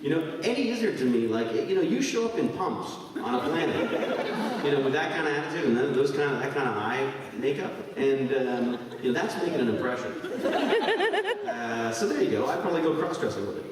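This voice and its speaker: A man's voice: medium pitch, animated, fairly quick, over a noisy crowd. A man in his thirties from Canada, a convention guest answering fan questions on stage in a rambling, jokey way, laughing often. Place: large convention hall. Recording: echoey hall recorded from far off with noise.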